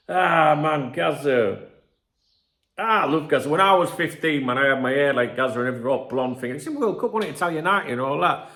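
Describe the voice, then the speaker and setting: A man's voice: on the high side, animated, fairly quick, a bit bright. Rambling, chatty man in his fifties. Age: 50s. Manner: rambling, chatty, peppered with "you know what I mean" and swearing. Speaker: football channel host. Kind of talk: casual to-camera commentary.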